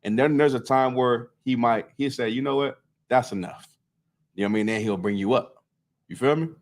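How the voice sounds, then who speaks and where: A man's voice: mid-range voice, brisk. Male scripture teacher, casual and talkative, keeps asking if the group follows. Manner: loose and talkative, constantly checking in with listeners. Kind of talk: conversational street-style scripture teaching.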